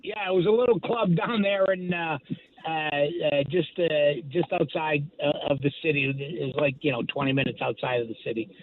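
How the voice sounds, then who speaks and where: A man's voice: on the high side, steady tone, normal speed, a little hiss or hum. An older man, a stand-up comedian, telling stories in a radio interview with dry, self-deprecating humor and lots of fillers. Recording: tinny phone line.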